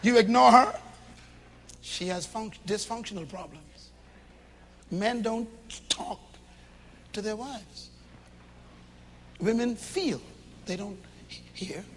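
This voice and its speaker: A man preaching a sermon to a live congregation, swinging from shouts to low confiding tones and acting out little dialogues in different voices. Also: slow, long pauses, a little hiss or hum. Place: church hall with a congregation.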